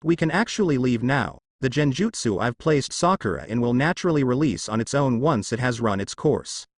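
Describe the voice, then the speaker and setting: A man reading as a calm scheming ninja. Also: medium pitch, normal speed, no echo, clean studio sound.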